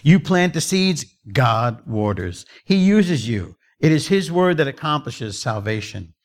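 A man's voice: very animated, a little slow. A man preaching an evangelistic sermon, emphatic and repetitive, telling stories. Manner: emphatic, repetitive, dramatic shifts of pitch.

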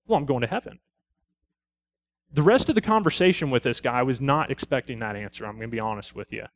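A middle-aged male police officer shares a testimony at a church study, narrating his calls in a plain, conversational way. He quotes the people he met and lands on blunt, preachy conclusions, in a voice of ordinary middle pitch. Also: sing-song, fast, fairly bright tone, dry recording. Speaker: lay speaker at a church study. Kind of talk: personal testimony in a church talk.

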